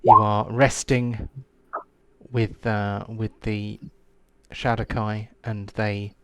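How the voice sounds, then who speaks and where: Man game master, low voice, slow and umming, dry sound. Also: little pitch movement, pushed and bright, clear, resonant tone, dry recording. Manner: hesitant, with many ums. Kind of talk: casual tabletop game running.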